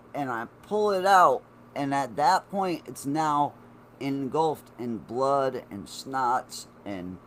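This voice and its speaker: A man's voice: medium pitch, fairly bright tone, a little hiss or hum. A man telling a funny personal story to the camera in a casual, profane, self-mocking way. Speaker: vlogger.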